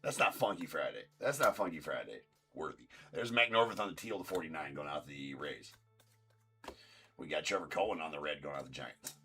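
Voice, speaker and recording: A man's voice: extremely low pitch, expressive, fairly quick, bright, forceful tone, faint music behind. A man hosting a live card break stream, calling out pulled cards and bantering with viewers in chat.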